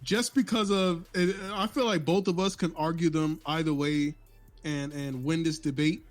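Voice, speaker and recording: A man's voice: a little high, fairly even intonation, moderate pace, faint music behind. A man with a New York accent co-hosting a casual podcast, talking loosely with lots of restarts, cursing and laughing. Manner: loose, profane, laughing storyteller with many restarts. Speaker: podcast co-host.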